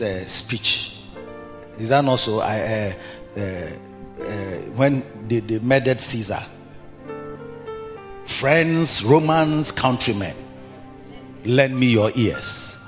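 A man preaching a sermon, reading scripture in a slow King James cadence and rising in pitch when he repeats phrases for emphasis. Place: church hall. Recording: muffled church recording, long hall reverb.

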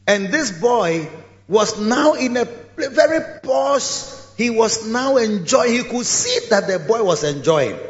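A man preaching a sermon in a large church, telling the story in a lively way and acting out its scenes. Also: very high voice, takes it slowly. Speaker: pastor. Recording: echoey hall, dull lo-fi sound.

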